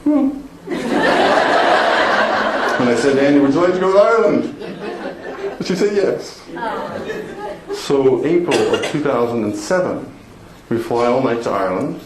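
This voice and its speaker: A man from Canada telling a personal story as a motivational speaker at a conference, animated and laughing as he talks. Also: mid-range voice, moderate pace, long pauses, a loud crowd. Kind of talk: storytelling keynote speech. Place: conference hall. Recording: echoey hall, faint ambience.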